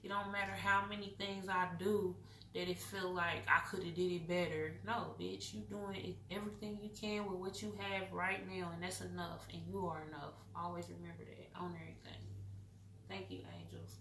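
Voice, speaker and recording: A woman's voice: on the low side, level tone, moderate pace, gravelly, a bit bright, a little hiss or hum. A young woman doing a casual spiritual card reading, candid, profane and goofy, laughing often. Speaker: intuitive card reader. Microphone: microphone. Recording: roomy, distant mic, faint music.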